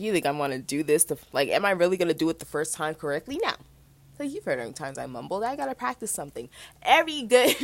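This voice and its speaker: Chatty young woman with a low voice. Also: no echo. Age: young adult. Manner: chatty and animated, laughing, quick asides. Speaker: podcast host. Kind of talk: casual chat.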